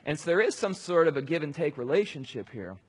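A man's voice: on the high side, sing-song, fast, breathy edge. A man preaching a conversational sermon, talking casually and rambling, with many fillers and restarts. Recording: long hall reverb.

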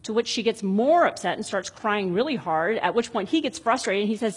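A woman in her thirties talks through parenting advice in a relaxed, explanatory way. Her voice is husky with a breathy edge, and her pitch sits in a middle range for a woman. She often reads short example dialogues aloud in a reflective, conversational tone. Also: a little fast. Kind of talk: casual explanatory talk on parenting.

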